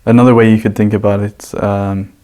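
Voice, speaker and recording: A man's voice: lowish voice, little pitch movement, brisk, a little mellow, smooth. A man as a guest on a podcast, explaining his ideas casually and at length with examples. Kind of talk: casual conversational interview.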